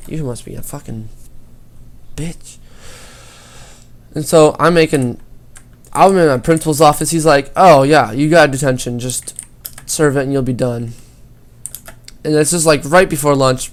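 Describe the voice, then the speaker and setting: A teenage boy gaming YouTuber telling a school story over gameplay, rambling and swearing a lot. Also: medium pitch.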